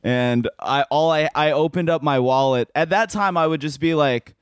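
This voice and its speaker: A man who works as a comedian tells a self-deprecating story, stopping and restarting often. His voice is smooth and a bit high. The recording is dry and close. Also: moderate pace, no room sound. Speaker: comedian guest. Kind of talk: casual storytelling.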